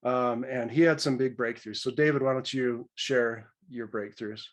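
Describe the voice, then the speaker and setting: Man, mid-pitch voice, hesitant video call intro, trailing off. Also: steady tone, normal speed, a little hiss or hum. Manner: hesitant, throat-clearing, trailing off. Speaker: co-host introducing a speaker. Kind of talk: casual talk on a video call.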